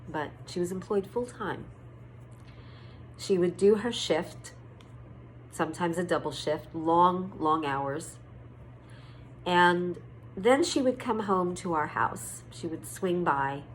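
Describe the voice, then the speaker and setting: Slow, low-voiced woman giving a tearful tribute. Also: slight background noise, low-quality recording. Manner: emotional, choked up, halting with fillers. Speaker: family member giving a birthday tribute. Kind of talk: heartfelt personal tribute to camera.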